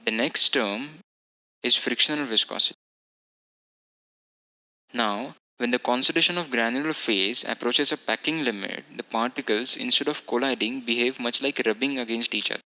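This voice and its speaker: A man with a very bright, forceful tone walks through a technical lecture step by step. His delivery is methodical and explanatory, and he stops now and then to fix a word. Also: mid-range voice, normal speed, low-quality recording. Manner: methodical, explanatory, self-correcting. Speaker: instructor.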